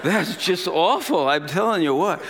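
A blunt older widow, put on by a male preacher who speaks in a somewhat raised pitch. She is candid and a little breathless, confiding bluntly in the middle of a sermon's story. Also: expressive, moderate pace, a bit bright, a faint crowd. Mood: relieved confiding.

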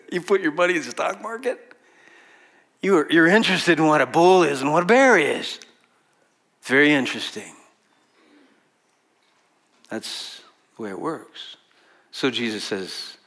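A man's voice: a little high, big pitch swings, measured pace, long pauses, a bit bright. A man preaching a sermon to a room of people in a conversational way, asking the audience questions and laughing often. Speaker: pastor.

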